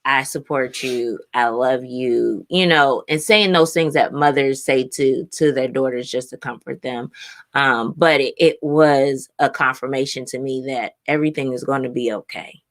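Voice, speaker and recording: A woman's voice: extremely low pitch, fairly even intonation, moderate pace. A woman co-hosting a church conversation, sharing memories in an emotional, tender way. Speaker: pastor's wife and co-host. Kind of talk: reflective conversational chat.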